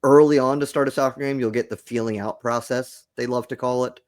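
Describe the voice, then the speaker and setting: A man's voice: medium pitch, steady tone, a little fast, darkish tone, no echo, studio quality. A man co-hosting a sports podcast, bantering and breaking down the game in a joking, casual way. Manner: joking, self-promoting banter. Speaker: podcast co-host.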